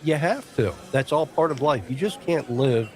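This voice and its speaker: A man's voice: a little high, animated, moderate pace. A man co-hosting a casual radio show, talking in a laid-back, easygoing way. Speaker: radio co-host.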